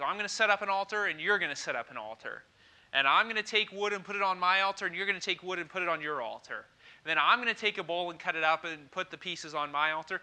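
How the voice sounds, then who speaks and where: A man preaching a sermon as pastor, retelling a story in a lively way with frequent asides to the congregation. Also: sits high.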